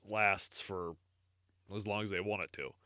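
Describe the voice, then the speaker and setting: A man's voice: fairly low pitch, fairly even intonation, normal speed, sharp tone, clean tone, no echo, clean studio sound. A man co-hosting a podcast, reading grim history in a sombre, apologetic way. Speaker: podcast co-host. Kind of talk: casual true-crime podcast chat.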